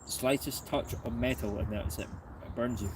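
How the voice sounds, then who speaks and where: A man's voice: medium pitch, steady tone, normal speed, background noise. A Scottish man chatting and joking with a friend while out train spotting, swearing freely. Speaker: vlogger. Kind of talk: casual banter on a train platform. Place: outdoors at a railway station.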